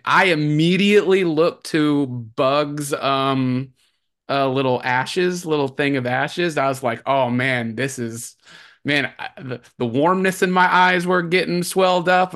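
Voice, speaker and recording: A man's voice: fairly high pitch, a bit bright. A man co-hosting a movie podcast, chatting casually and rambling with lots of fillers and restarts. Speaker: podcast co-host.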